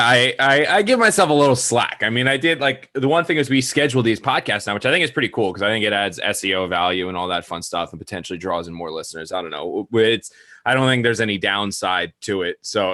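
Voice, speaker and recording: Young man, quick talker, bright tense voice, rambling podcast chat, stumbles and laughs. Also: on the low side, no echo, studio quality. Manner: rambling, laughs often, stumbles and repeats words. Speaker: podcast co-host, sports writer. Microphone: remote video call.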